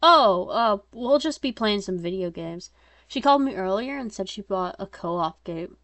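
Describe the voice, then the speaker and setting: A woman's voice: mid-range voice, lively intonation, moderate pace, a bit bright, no room sound. A woman voicing a restless younger teen brother who speaks in a light, offhand way and grumbles about rules.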